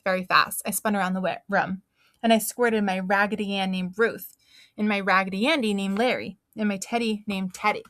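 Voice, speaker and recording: A woman reading a children's book aloud in an expressive, animated storytelling manner. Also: mid-range voice, brisk, dry recording, studio quality.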